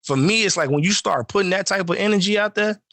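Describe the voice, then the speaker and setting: A man, co-hosting a casual podcast and telling profane, animated stories. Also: sits high, fast, no room sound. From Chicago. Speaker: podcast host. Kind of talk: casual chat.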